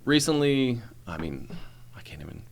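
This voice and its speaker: A man with a trained baritone voice, chatting easily as a podcast guest about narrating audiobooks. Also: sing-song, vocal fry. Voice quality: baritone singer's voice. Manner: easygoing, explains with quick accent samples. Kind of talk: casual podcast chat.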